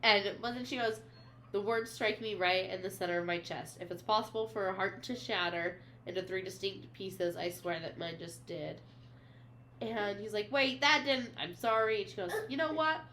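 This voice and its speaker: A woman's voice: medium pitch, normal speed, slight background noise. A young woman co-hosting a podcast, chatting casually as she recaps a novel and acts out its quoted lines with lots of fillers. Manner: animated, reads quoted lines aloud, many fillers. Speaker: podcast co-host.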